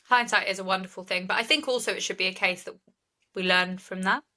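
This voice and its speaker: A woman's voice: medium pitch, fast, bright, forceful tone, poor audio. A woman, co-hosting a podcast and retelling a case in earnest, opinionated chat. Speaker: true crime podcast co-host.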